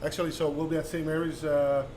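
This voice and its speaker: A man's voice: fairly high pitch, flat delivery, quick pace. A man chatting as a guest author on a cooking show, enthusiastic, often stumbling and repeating words. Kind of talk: casual chat. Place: kitchen studio. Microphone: condenser mic. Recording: echoey room, faint background noise.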